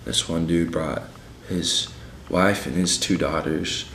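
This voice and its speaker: A man's voice: deep voice, fairly even intonation, takes it slowly, vocal fry, fairly bright tone, reverberant, slight background noise. A young man on a mission, telling his week in a casual, slangy video diary. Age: young adult. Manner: laid-back and slangy, many fillers.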